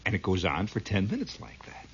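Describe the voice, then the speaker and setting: A man's voice: low-pitched, wildly swooping pitch, fairly quick, a little hiss or hum. A man telling a rambling comic story, laughing at it as he goes. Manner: rambling, laughing at his own tale. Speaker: comedian. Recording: dull lo-fi old recording.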